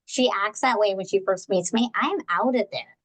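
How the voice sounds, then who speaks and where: A woman's voice: mid-range voice, moderate pace, low-quality recording. A woman co-hosting a podcast in casual chat, blunt with wry asides. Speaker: podcast co-host.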